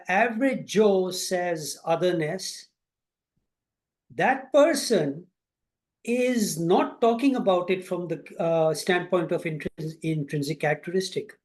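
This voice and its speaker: Male student, halting and searching for words, pushing a question to the teacher. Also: high-pitched, darkish tone. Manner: hesitant, many fillers and restarts, pressing a question. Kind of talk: asking questions in class.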